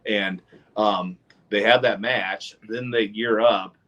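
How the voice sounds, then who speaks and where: A man's voice: on the low side, steady tone, takes it slowly, a bit bright, dull audio. A man, a guest on a podcast, chatting casually and talking at length, piling up dates and figures.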